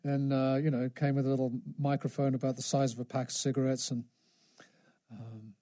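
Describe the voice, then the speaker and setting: A man who is a radio host, talking in an easygoing, halting, reflective way. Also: mid-range voice, level tone, mellow, no echo. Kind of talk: casual radio conversation.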